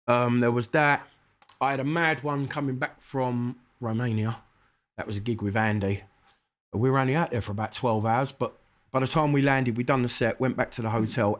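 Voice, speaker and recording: Man, South London accent, middle-aged, medium pitch, casual interview guest, animated storyteller, sweary. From South London, England. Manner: lively anecdotes, swears freely, acts out dialogue.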